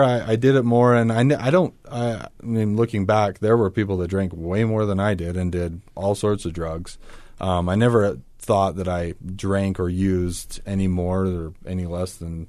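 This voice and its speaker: A man's voice: low voice, fairly even intonation, moderate pace, a little mellow, dry recording. A man as a podcast guest, telling his personal story in an earnest, reflective way.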